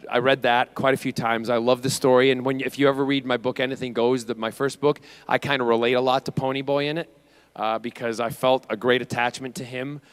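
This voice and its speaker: Speaking in a clean, mid-range voice, a man takes questions from fans on a convention hall stage. The casual Q&A has him playful, chatty and poking fun at himself.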